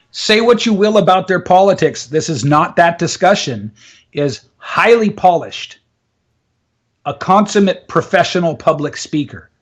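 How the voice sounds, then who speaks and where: A man speaking as a public speaking coach in a casual live interview, emphatic and instructive. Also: high voice. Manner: emphatic, explains with instructive asides.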